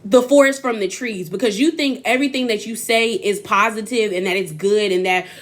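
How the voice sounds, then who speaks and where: A young woman recapping a reality show in casual chat, sassy and animated, acting out what people said. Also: mid-range voice, fairly quick. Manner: sassy, animated, acts out quotes.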